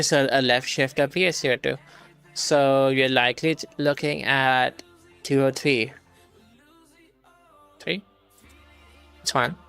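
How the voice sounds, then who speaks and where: A man's voice: medium pitch, vocal fry, a bit bright, smooth. A male streamer reading practice questions aloud and working through them casually, swearing when frustrated.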